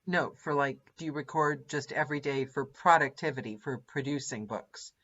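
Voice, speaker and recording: A woman's voice: extremely low pitch, moderate pace. A woman podcast host who narrates audiobooks, chatting casually and animatedly with a guest. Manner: animated, laughs often, lively mimicry. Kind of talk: casual interview chat. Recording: dull lo-fi audio.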